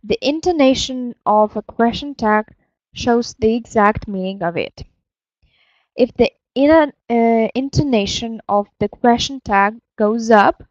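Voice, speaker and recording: A woman teaching an English grammar lesson, explaining slowly and carefully with fillers and self-corrections. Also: fairly high pitch, dry recording, muffled recording. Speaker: language teacher.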